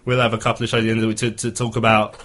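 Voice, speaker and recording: A man's voice: on the low side, monotone, a bit bright, a little hiss or hum. A man hosting a football phone-in radio show, chatting casually with lots of fillers and restarts. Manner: quick, hesitant, many fillers.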